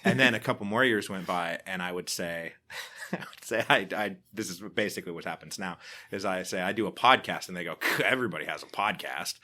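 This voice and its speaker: A man's voice: low voice, a little fast. An American man in his forties, a podcaster and author, chatting casually in an interview and acting out remembered exchanges with animation. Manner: animated storyteller, acts out quoted exchanges.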